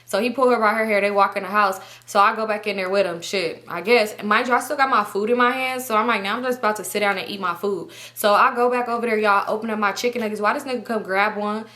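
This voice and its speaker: A woman's voice: mid-range voice, steady tone, quick pace, few pauses, bright, forceful tone. A young woman vlogger telling a rambling, slangy, profane story in a casual way and acting out what everyone said.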